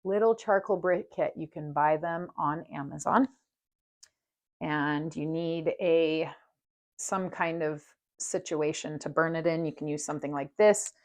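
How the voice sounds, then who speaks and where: A woman speaks at a slow, easy pace in a somewhat low voice, hosting her own podcast. She talks in a soft, earnest way, unhurried and sincere, as she walks through a ritual. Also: steady tone. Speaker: podcast host. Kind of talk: casual solo podcast demonstration.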